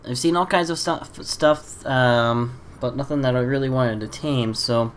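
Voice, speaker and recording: Man, stuffy congested voice, game channel host, casual rambling commentary, plenty of ums, middle pitch. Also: a little slow, a little hiss or hum. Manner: rambling, with frequent ums and uhs. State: congested from a cold.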